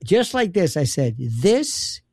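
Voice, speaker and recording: Animated storytelling woman, gravelly low voice. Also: slow, dry recording, studio quality. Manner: animated, laughing, dramatic quoted voices. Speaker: radio host guest. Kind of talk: casual storytelling chat.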